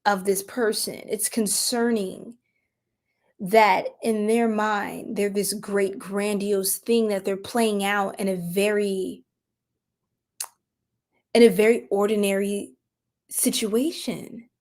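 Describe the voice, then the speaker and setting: A young adult woman giving a casual tarot reading, chatty, laughing often and dropping into soft whispers. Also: medium pitch, steady tone, slow pace. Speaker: tarot reader.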